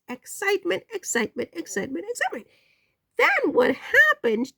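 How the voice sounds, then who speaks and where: A woman hosting a commentary channel, delivering a sarcastic, animated monologue and repeating words for effect. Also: medium pitch, gravelly, dry recording.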